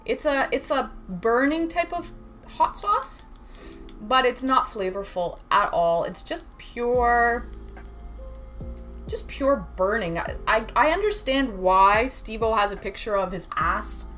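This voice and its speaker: A woman's voice: on the high side, lively intonation, slow, a bit bright, faint music behind. A woman live-streaming in casual chat, thanking viewers by name and talking straight to her chat. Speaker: livestreamer.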